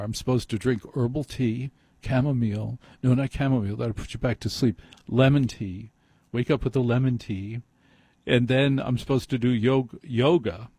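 A man's voice: medium pitch, darkish tone, husky, dry recording. A man telling a rambling, self-mocking comic story, speaking close to a mic. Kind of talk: comedic storytelling monologue. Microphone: close mic he adjusts himself.

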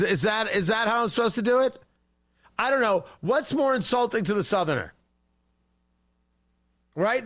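A man hosts talk radio with a mocking, sarcastic edge. His voice sits high for a man and swings widely, climbing and dropping as he needles his targets. He often stumbles over repeated words. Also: sharp tone. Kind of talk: opinionated talk radio commentary.

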